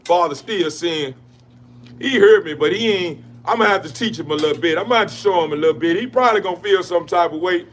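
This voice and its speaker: A man with a high-pitched voice rambles through a preachy motivational monologue. He loops back on his phrases and talks in street slang. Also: quick pace, fairly bright tone, faint music behind. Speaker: dog breeder talking to camera.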